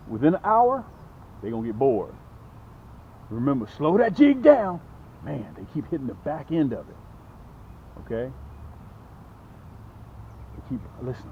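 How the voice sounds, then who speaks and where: A man hosting a fishing vlog from a boat outdoors, chatty and excited, talking straight to his viewers. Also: on the high side. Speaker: fishing channel host. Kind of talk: casual fishing vlog commentary. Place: on a small boat outdoors on a lake. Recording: dull lo-fi outdoor audio with faint noise.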